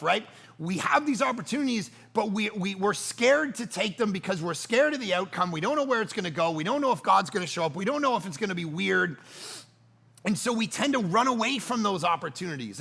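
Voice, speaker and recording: High, gravelly-voiced preacher. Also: male voice. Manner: storytelling, animated and jokey. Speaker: pastor. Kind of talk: sermon.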